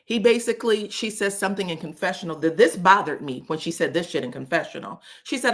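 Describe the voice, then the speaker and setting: A woman's voice: on the low side, expressive, fast. Sassy woman dishing on a reality show. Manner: sassy, emphatic, swears freely, acts out quotes. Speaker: reality TV commentator. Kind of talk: casual recap commentary.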